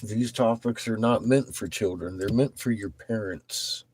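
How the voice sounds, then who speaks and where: A middle-aged man livestreaming a profane rant, dropping from low muttering to loud, combative outbursts. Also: measured pace, slight background noise. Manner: heavy swearing, blunt and combative.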